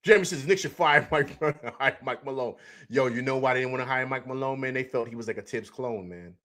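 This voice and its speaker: A man's voice: medium pitch, fairly quick, sharp tone. A man hosting a casual live sports talk stream, loose and chatty, repeating himself, laughing often and reading out viewer comments. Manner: reads out chat comments. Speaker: sports talk show host.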